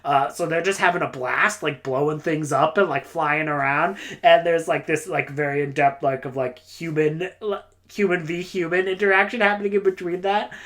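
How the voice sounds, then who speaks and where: A woman's voice: low-pitched, steady tone, normal speed, fairly bright tone. A woman reviewing books in a casual, rambling monologue, enthusiastic and full of "like" and "uh". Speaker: book reviewer.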